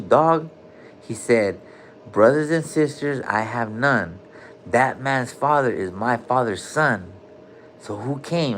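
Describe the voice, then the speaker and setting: A medium-pitched man with a fairly bright tone hosts a relaxed livestream from a hospital room, slight noise audible behind him. He jokes freely in heavy slang and calls viewers out by name.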